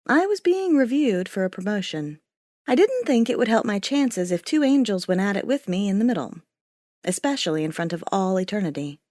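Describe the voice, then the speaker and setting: Expressive woman narrating an audiobook. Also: mid-range voice, normal speed, dry recording, studio quality. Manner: wry, expressive storytelling. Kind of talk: first-person audiobook narration.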